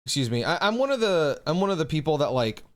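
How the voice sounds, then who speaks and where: A man's voice: fairly high pitch, very animated, fast talker. A young man, a streamer chatting casually and reading chat aloud, loose and laughing, swearing freely. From United States.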